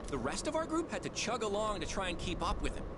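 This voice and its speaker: An actor playing a brash teenage schoolboy who talks loudly and exasperatedly. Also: male voice, high voice, sing-song, quick pace, heavy background noise. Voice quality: loud, exasperated. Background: game music.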